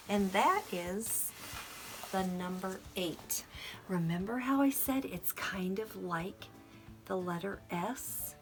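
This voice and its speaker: A middle-aged woman teaching young children, animated and sing-song, sometimes dropping to soft whispers. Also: fairly low pitch, slow, music in the background. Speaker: preschool teacher. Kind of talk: children's lesson and storybook read-aloud.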